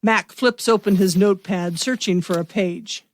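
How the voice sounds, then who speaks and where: A woman hosting a podcast, giving measured scripted narration for a radio-theater mystery. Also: mid-range voice, dry recording.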